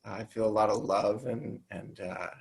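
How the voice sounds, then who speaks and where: Husky, gravelly soft-spoken man. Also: fairly low pitch, fairly even intonation, measured pace. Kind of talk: video call check-in. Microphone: video call.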